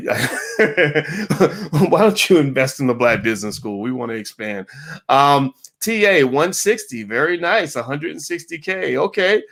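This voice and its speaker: A man's voice: mid-range voice, fairly bright tone. A middle-aged man hosting a casual livestream Q&A, reading viewer comments aloud in an upbeat way with frequent fillers. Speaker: host answering viewer questions.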